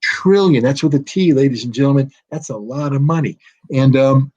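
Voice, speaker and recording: An American man in middle age speaks as an interview guest. He argues with emphatic force and a sardonic edge, and mocks the people he quotes. His voice sits at an ordinary pitch, and the recording sounds dull and lo-fi. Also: moderate pace, a little mellow. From United States. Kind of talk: political commentary interview. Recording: dull lo-fi audio.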